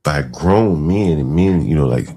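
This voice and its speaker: A man's voice: animated, a little slow, dark tone. A man hosting a podcast, giving casual, mocking commentary on clips, with incredulous asides and frequent fillers. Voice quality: deep gravelly voice. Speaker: podcast host reacting to clips.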